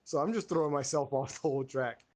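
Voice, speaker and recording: A man's voice: medium pitch, quick pace, a little mellow. A man hosting an online improv game, tired and playful, turning mock-grand when he hands out points. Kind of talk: casual online improv chat.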